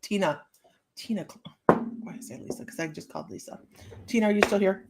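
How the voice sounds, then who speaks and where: A woman with a mid-range, expressive voice talks briskly over a very noisy background. She's hosting a casual live psychic-reading stream, chatty and playful, giggling and laughing often between remarks as she reads out cheeky card lines.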